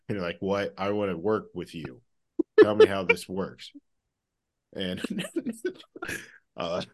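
A man co-hosting a podcast, telling stories in casual chat, laughing often and swearing freely. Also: low voice. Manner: laughing, animated storytelling, heavy swearing. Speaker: podcast co-host.

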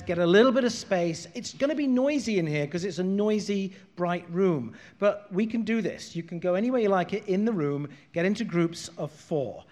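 A man leading a prayer session, calmly instructing a gathering in a large room. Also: high-pitched. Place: large bright room with an audience. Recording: reverberant hall.

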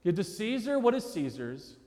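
A man with a high voice preaches a sermon to his congregation, with a loose, conversational delivery. His voice rings out with a long reverb through the church sanctuary. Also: big pitch swings, normal speed, a little mellow. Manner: conversational preaching, addresses listeners as "guys". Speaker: pastor.

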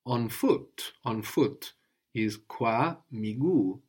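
A man's voice: medium pitch, lively intonation, takes it slowly, darkish tone, breathy edge. A man teaching a language lesson patiently, often checking in with a questioning "no?".

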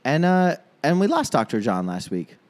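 A man's voice: on the high side, big pitch swings, moderate pace, a little mellow. A man co-hosting a podcast, chatting casually about football and often trailing off mid-sentence. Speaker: podcast co-host. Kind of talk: casual sports chat.

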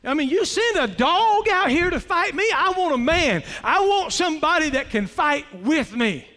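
A man's voice: very high voice, lively intonation, heavily acted. A man voicing a boastful, mocking giant warrior in a reverberant hall. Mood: taunting. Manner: taunting, louder and slower.

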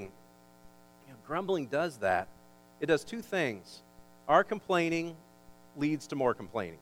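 A male pastor preaching a sermon, building in pitch and volume for emphasis, with folksy asides and jokes. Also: big pitch swings, normal speed, poor audio. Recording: faint mains hum.

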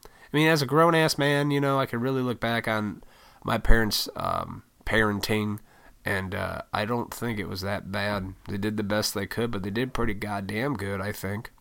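A man's voice: on the low side, animated, moderate pace, gravelly, fairly bright tone. A young adult man ranting bluntly in casual talk, swearing often. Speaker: solo talker. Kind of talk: casual rant.

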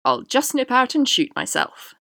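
A woman's voice: fairly high pitch, sing-song, moderate pace, gravelly, sharp tone, no room sound, studio quality, pitched above the performer's own voice, heavily acted. A woman voicing a polite talking cow that offers itself as dinner, courteous and ingratiating.

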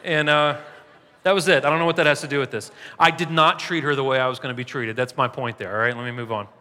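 A man preaching a sermon as pastor, conversational and self-deprecating, often tagging his points with a quick question to the room. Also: medium pitch, steady tone, bright, forceful tone, clear, resonant tone. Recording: long reverb in a large hall.

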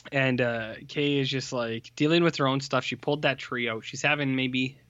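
A man's voice: medium pitch, steady tone, normal speed, a bit bright, dry recording, lo-fi sound. A man co-hosting a podcast, recapping a film in a rambling, blunt, profane way with lots of fillers. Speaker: podcast co-host. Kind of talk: casual film recap chat.

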